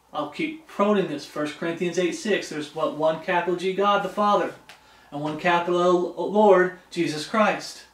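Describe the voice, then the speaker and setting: A man preaching an expository Bible sermon as pastor. He reads scripture aloud and keeps checking in with his listeners by asking "Okay?". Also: sits high. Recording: echoey room, voice from a distance.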